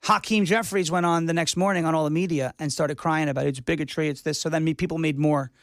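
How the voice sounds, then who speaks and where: A man appearing as a guest on a talk radio show, speaking in a rambling, excitable way about his comedy work. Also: a little high, quick pace, no echo, studio quality. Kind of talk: casual interview chat.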